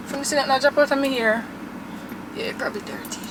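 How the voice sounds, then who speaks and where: A young woman vlogging from her car, chatty and animated, gushing to her viewers. Her voice sits a little high. A steady air-conditioner hum and road noise run clearly underneath. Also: brisk. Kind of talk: casual chat to camera.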